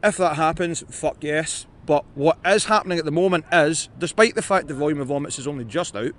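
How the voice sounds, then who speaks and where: A man's voice: fairly high pitch, a little fast, a bit bright. A Scottish man, a band's guitarist, chatting as a podcast guest in an easygoing, thoughtful way. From Scotland. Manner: easygoing, thoughtful, occasional swearing. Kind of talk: casual interview chat.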